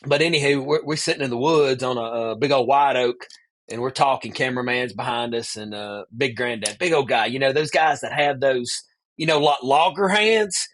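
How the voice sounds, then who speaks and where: Man, podcast guest, animated storyteller, mid-range voice, loose and chatty. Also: medium pitch, moderate pace. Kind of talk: casual storytelling interview.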